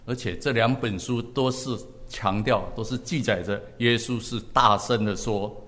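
A man preaching a sermon in short, measured phrases, pausing so his words can be interpreted. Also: medium pitch, steady tone, fairly bright tone, big-room sound. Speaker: pastor.

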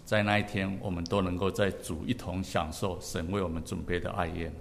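Lower-voiced man preaching in a hall. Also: flat delivery, gravelly, slight background noise. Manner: preaching in short measured phrases, pausing for interpretation. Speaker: pastor. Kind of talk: sermon.

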